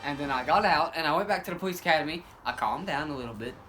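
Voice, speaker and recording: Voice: medium pitch, lively intonation, very fast, sharp tone, faint music behind, rough recording. A comic storyteller telling a rambling, improvised tall tale in a goofy, self-correcting way.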